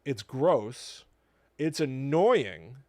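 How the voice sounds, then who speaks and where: Animated man ranting on a podcast. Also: mid-range voice, very slow, no echo. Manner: animated, ranting, mocking impressions. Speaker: podcast co-host. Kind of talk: casual chat.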